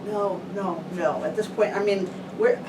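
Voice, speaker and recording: A woman's voice: medium pitch, steady tone, unhurried, close to an everyday voice. A woman playing an exasperated, sarcastic school-play organizer in an improv scene, heard from a distance over room noise.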